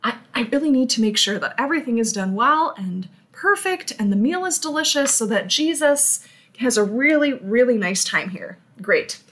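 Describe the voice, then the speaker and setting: A woman voicing a busy homeowner who gushes in a flustered, excitable way. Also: on the high side, normal speed. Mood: excited. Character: fussy busy homeowner preparing for a guest.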